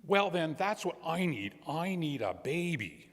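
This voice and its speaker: A cheerful, booming dump truck driver out of a storybook, as a man puts him on. His voice rings bright and forceful. A long reverb hangs on it, as in a large hall. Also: very animated, unhurried, full character voice. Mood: hearty.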